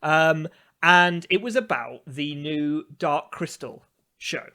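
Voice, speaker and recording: A man co-hosting a podcast, telling a story with animated, mocking exasperation in casual chat. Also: on the high side, slow, clean tone. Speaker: podcast co-host.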